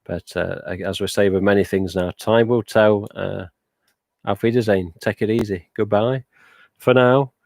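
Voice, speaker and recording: Man, live-stream host, rambling casual chat, lowish voice, dry sound. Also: steady tone, moderate pace, vocal fry, a little mellow, no room sound. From England. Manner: chatty and rambling, with frequent "uh" and "but yeah".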